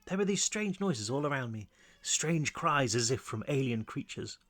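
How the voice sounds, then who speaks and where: A man reading his own novel aloud in the first person, expressive and conversational, at home. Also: normal speed. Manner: expressive reading with wide pitch swings, asides to listeners. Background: child screaming downstairs.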